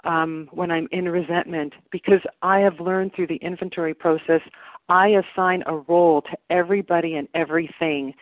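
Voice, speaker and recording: A woman's voice: fairly low pitch, dry recording. A woman giving an earnest, reflective personal share at a recovery meeting, on a phone call. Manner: earnest, reflective, slow emphatic phrases. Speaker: meeting member sharing. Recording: tinny phone line.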